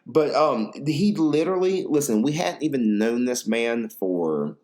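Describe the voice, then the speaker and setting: Young dude rambling on his podcast, cussing a lot, likes and ums everywhere, middle pitch. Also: expressive, measured pace, a little mellow. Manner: profane, rambling, lots of fillers. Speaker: podcast host. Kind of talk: casual storytelling chat.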